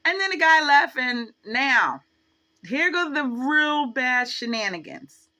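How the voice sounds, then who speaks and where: A woman's voice: high-pitched, expressive, slow, sharp tone. A woman telling a story to her channel in a casual, chatty way, full of fillers, acting out what each person said. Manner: chatty, filler-heavy, acts out the dialogue. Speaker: vlogger.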